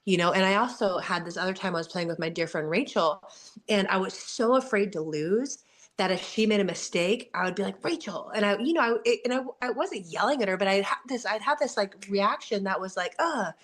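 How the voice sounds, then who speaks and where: Speaking briskly in a mid-range voice, a guest athlete in her forties fields questions during an earnest, open motivational talk. She comes across as warm and sincere, with plenty of "like" and "you know" along the way.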